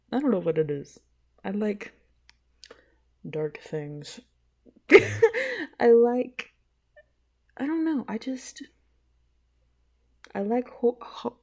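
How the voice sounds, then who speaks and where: Brief: excitable woman podcast host, lively up-and-down voice, laughs through her sentences. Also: a little high, gravelly. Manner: rambling, giggly, excitable. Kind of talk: casual solo podcast chat.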